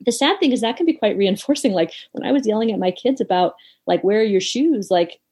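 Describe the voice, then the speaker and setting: A woman's voice: mid-range voice, expressive, fast talker, dark tone, breathy edge, rough recording. A middle-aged woman guest talking things through reflectively in an interview, with frequent fillers. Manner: thoughtful, reflective, with many fillers. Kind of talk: conversational interview.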